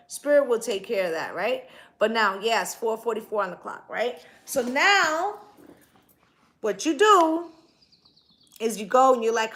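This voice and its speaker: A woman's voice: medium pitch, animated, normal speed, a bit bright. A woman giving a tarot reading in a casual, blunt, profane way, often tagging her points with "right?". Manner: blunt, profane, emphatic, keeps asking "right?". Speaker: tarot reader.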